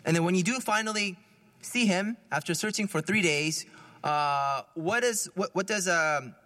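A man's voice: high-pitched, moderate pace, bright, forceful tone, big-room sound. A man, a priest, giving a conversational homily, often laughing as he talks.

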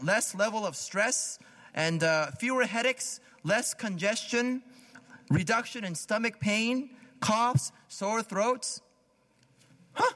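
A man's voice: high voice, bright, forceful tone. A man preaching a sermon in a casual, conversational way, often repeating words and asking "right?". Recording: long hall reverb.

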